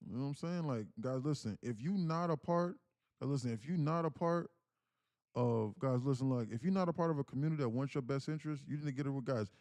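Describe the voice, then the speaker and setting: A man's voice: mid-range voice, fast talker, darkish tone. Slangy man hyping his trading stream. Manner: slangy, repeats himself, keeps calling out "guys, listen"; earnest, insistent coaching. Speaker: day-trading livestream host. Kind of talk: casual live-stream talk to viewers.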